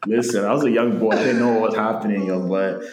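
A man's voice: on the low side, fast talker, reverberant, slight background noise. A young man co-hosting a podcast, telling a story in casual slang and acting out what people said. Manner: animated slangy storyteller, acts out quotes. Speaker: podcast co-host.

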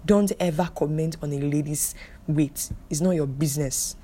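A woman's voice: low-pitched, steady tone, moderate pace, dark tone, a little hiss or hum. A young woman hosting her own podcast, talking emphatically and repeating phrases to drive her point home. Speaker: podcast host. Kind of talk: solo podcast monologue.

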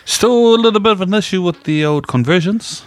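A man's voice: high-pitched, a little fast, no echo. A man, co-hosting a casual chat podcast and telling rambling stories in laid-back slang. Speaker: podcast co-host.

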